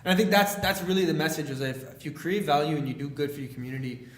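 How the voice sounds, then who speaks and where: A young Canadian man, a leadership speaker, telling stories in a casual podcast interview. He talks in an animated way, acts out quoted dialogue and uses many fillers. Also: a little high, fast, echoey room, a little hiss or hum.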